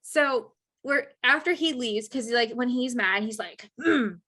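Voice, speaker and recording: A young woman, a podcast guest, telling work stories in casual chat, animated and swearing freely. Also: a little high, unhurried.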